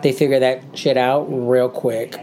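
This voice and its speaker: A woman's voice: extremely low pitch, little pitch movement, a little slow, mellow. A woman co-hosting a casual podcast, chatty and rambling as she recaps news. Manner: chatty, rambling, many fillers. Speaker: co-host.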